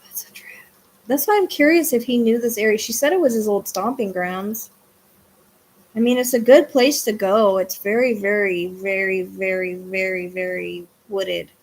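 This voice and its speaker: A woman talks through a live-streamed reading in casual chat, her fairly high voice swinging from hushed asides to loud exclamations. She sounds excitable and a little breathless with wonder. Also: slight background noise. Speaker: psychic streamer.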